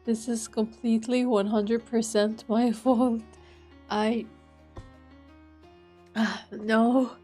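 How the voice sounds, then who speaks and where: A woman's voice: on the high side, level tone, slow, pauses often, warm tone, slightly rough, soft background music. A woman streamer chatting casually on a live stream, giggly and self-deprecating as she rambles, her nose stuffed up and burning.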